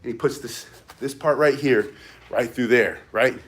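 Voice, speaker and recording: A man's voice: mid-range voice, a little slow. A man teaching walking stick self-defense on a live stream, talking in a loose, rambling way and greeting viewers between moves. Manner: rambling, chatty, greets viewers mid-demonstration. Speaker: martial arts instructor.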